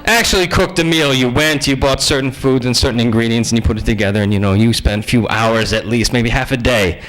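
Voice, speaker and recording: A man giving a humorous sermon-style lecture in a conversational, joking way with lively asides. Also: mid-range voice, brisk, low-quality recording.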